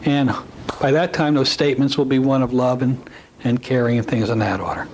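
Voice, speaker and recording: A hypnosis instructor teaches a technique to his class in a folksy, conversational manner, tossing asides to the audience. His medium-pitched voice is steady and a little mellow, slightly fast, with slight background noise and poor audio.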